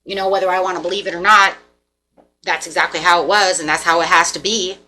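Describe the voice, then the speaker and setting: A woman giving a casual tarot reading, animated and repetitive, acting out the people in the cards. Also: on the low side, quick pace. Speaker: tarot reader.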